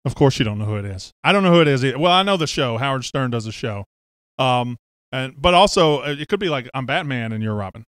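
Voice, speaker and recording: A man's voice: medium pitch, animated, fast talker, a bit bright, smooth, no room sound. A man hosting a casual show, joking and teasing the crew as he rambles along. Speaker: host. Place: studio office.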